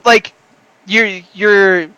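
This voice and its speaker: A man narrating as dungeon master, halting and repeating himself with many fillers. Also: high voice, steady tone, lo-fi sound, heavy background noise. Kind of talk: narrating a tabletop game.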